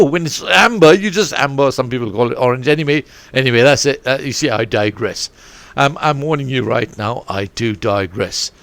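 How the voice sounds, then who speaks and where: A middle-aged coach hosts his own podcast from his bedroom, talking in a loose, digressive, animated way with the odd mild curse. His voice is mid-pitched with a gravelly edge. The sound is dry and close, with no room echo. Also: fairly quick. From Zambia. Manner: digressive, animated, mildly swearing. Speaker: podcast host and football coach. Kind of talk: rambling solo podcast chat. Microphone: home setup, no studio.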